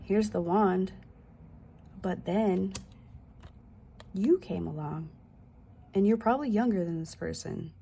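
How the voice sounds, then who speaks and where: A woman's voice: mid-range voice, expressive, unhurried, creaky, long pauses, mellow, slight background noise. A woman giving a casual tarot reading, loose and profane, with slangy asides and the odd drop into a whisper. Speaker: tarot reader.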